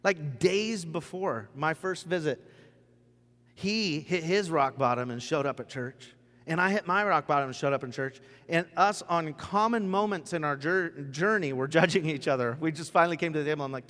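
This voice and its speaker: A man preaching a sermon as a pastor, telling stories with animated acted quotes. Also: a little high, moderate pace, long reverb tail.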